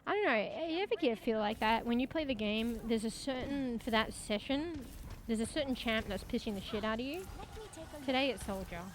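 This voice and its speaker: A woman streaming a game, giving live commentary, cursing often and shouting callouts to teammates. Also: a little high, expressive, fairly quick, a little hiss or hum. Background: background music.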